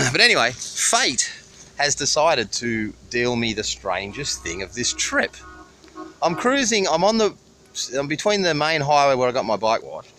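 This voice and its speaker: With a mid-range, sing-song voice that runs a little slow and has a sharp tone, an Australian man rambles through a story for a casual roadside travel vlog. He swears freely into his handheld camera while faint traffic goes by.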